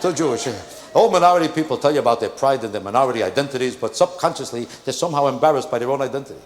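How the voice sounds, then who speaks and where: An older man doing a stand-up comedy routine on a theater stage, animated and acting out exasperated characters. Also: mid-range voice. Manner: animated, rapid, acts out exasperated characters mid-bit. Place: theater stage with a live audience. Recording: echoey live theater with audience noise. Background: audience laughter.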